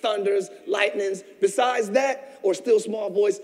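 Very high-voiced man preaching in a hall. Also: fairly even intonation, slow. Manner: passionate preaching, swinging between shouted peaks and hushed asides. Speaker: pastor. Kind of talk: sermon. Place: church. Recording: long church reverb.

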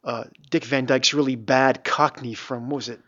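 A man's voice: mid-range voice, steady tone, moderate pace, a bit bright. A man co-hosting a podcast in casual chat, playful and jokey. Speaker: podcast co-host. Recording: slightly dull lo-fi sound.

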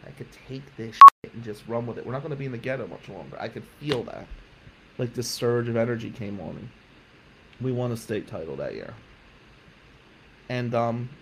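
A man telling a personal story in an emphatic, profane way, loudly acting out the people he quotes. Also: medium pitch, slight background noise, poor audio.

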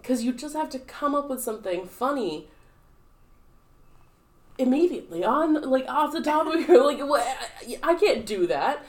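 A woman's voice: high voice, expressive, moderate pace. A young woman from the southern United States, co-hosting a casual podcast chat, rambling through a story with lots of fillers and quoted voices. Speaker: podcast co-host.

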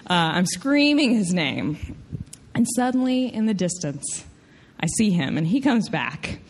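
A woman from Tennessee with a Southern US accent, telling a personal story live on stage in a lively, self-mocking way. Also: medium pitch, a little slow, slight background noise.

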